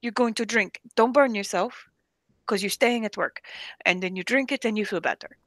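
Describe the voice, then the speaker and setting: A woman's voice: mid-range voice, normal speed, a bit bright, no echo, close to an everyday voice. A woman putting on a bossy male restaurant manager with a heavy foreign accent and broken English. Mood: insistent. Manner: insistent, exasperated, broken English. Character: gruff middle-aged male restaurant boss with a thick foreign accent.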